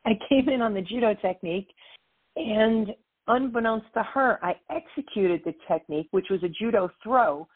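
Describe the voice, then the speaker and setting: A woman guest telling a lively story about her life in an interview, acting out the voices of others as she goes. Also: mid-range voice, moderate pace, husky. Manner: animated storyteller, quotes voices. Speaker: author and guest. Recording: tinny phone line.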